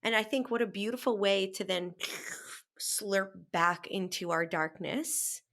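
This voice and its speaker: A woman's voice: mid-range voice, a little slow, a bit bright. A woman co-hosting a casual spiritual podcast, bubbly and playful, acting out voices in her stories. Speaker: podcast co-host.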